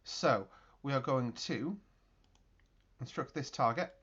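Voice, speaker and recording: A man hosting his channel, giving chatty, excitable gameplay commentary with mouth-made explosion noises. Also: mid-range voice, slow pace, breathy edge, lo-fi sound. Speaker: video game channel host.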